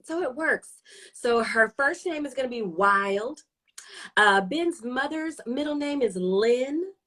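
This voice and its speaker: A woman hosting a live stream, her voice bright and ringing and pitched a little above the usual. She chats casually and playfully, hyping up her viewers with quick shout-outs. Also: animated. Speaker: show host.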